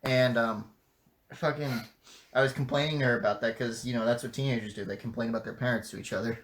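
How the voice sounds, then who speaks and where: A man's voice: mid-range voice, steady tone, fast, a bit bright, a little hiss or hum. Young male podcast co-host, rambling storyteller, casual, swears a lot. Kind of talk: casual chat.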